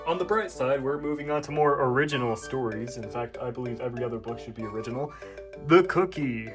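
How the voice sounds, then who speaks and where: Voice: mid-range voice, steady tone, quick pace. Rambling, self-mocking young YouTuber. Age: about 20. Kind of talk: casual commentary, reading childhood books. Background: faint background music.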